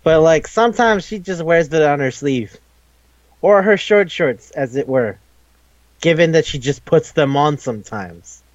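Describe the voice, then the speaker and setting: A man's voice: fairly high pitch, unhurried, no echo. Rambling, profane man on a lo-fi podcast. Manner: rambling, profane, animated storytelling. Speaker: podcast co-host. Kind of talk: casual chat. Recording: dull lo-fi recording.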